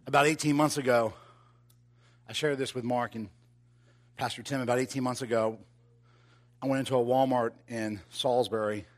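A man preaching, telling a personal story with animated, rising delivery that drops to quiet, intimate moments. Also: mid-range voice, moderate pace, pauses often. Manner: animated, builds to loud excited telling. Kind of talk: sermon storytelling.

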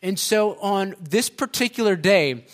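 A man preaching a sermon, telling a story with many fillers and restarts, then rising into loud, impassioned preaching. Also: high-pitched, lively intonation, measured pace.

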